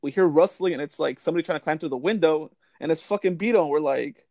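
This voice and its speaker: A man's voice: on the high side, quick pace, a little mellow, no room sound. A young man hosting a casual chat, telling old service stories, swearing freely and laughing often. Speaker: podcast host.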